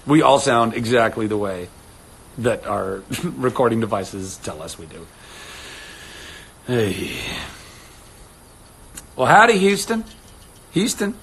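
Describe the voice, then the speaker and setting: A man in his thirties hosting a casual live stream from home, chatting with viewers, animated and laughing often. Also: slow pace, gravelly, long pauses, a little hiss or hum, low-quality recording. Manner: animated, laughs often, jumps to sudden high exclamations. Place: home studio indoors.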